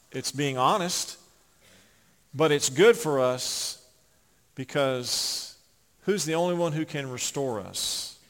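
A man preaching a sermon, swinging from loud emphatic peaks to hushed asides. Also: a little high. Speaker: pastor. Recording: long hall reverb.

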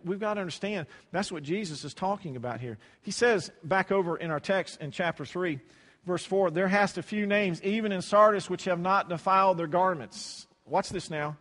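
The long echo of a church hall surrounds a man giving a sermon, his fairly high voice fairly bright. This pastor keeps things conversational and loose, repeating words and performing bits of dialogue for his congregation.

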